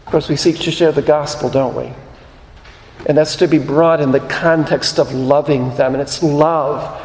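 A man preaching a sermon as pastor, earnest, repeating phrases for emphasis and slowing down on key lines. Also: on the high side, slight background noise. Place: church sanctuary. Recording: echoey hall.

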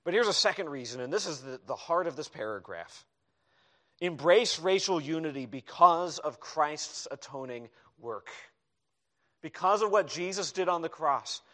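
A man preaching a sermon as pastor, emphatic, dropping into quiet asides to the congregation. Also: a little high, animated, normal speed. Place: church hall.

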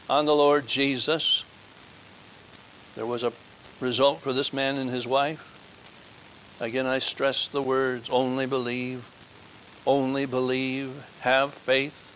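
A man's voice: mid-range voice, sharp tone, slight background noise, rough recording. A man preaching a communion sermon, stressing his points by repeating key phrases and building to fervent appeals.

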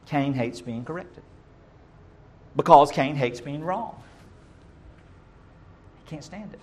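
Middle aged guy preaching, kinda high voice, goes loud then drops real quiet. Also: slow, pauses often, a little hiss or hum. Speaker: pastor. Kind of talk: sermon.

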